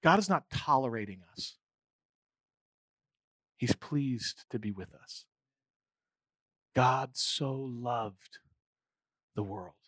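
Animated preacher, man, dry close sound. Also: medium pitch, slow, long pauses, dry recording. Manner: animated, rising to near-shouts for emphasis. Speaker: pastor. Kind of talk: sermon.

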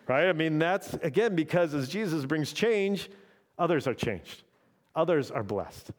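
A man's voice: on the high side, expressive, unhurried. A man preaching a sermon as pastor, in a conversational way that keeps checking in with "right?". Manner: conversational, often adds "right?".

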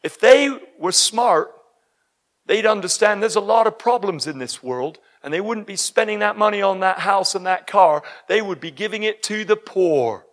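A man preaching a sermon, emphatic and breaking into shouts at the high points. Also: normal speed.

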